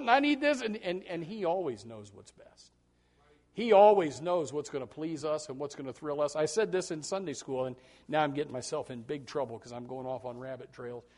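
Stammering, animated preacher man. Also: on the high side. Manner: animated preaching with repeated stammers and sudden soft drops. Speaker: pastor. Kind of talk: sermon.

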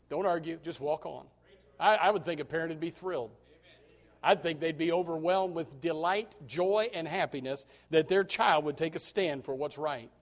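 A male pastor preaching with passion, swinging from low murmurs to near shouts. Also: normal speed. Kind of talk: sermon.

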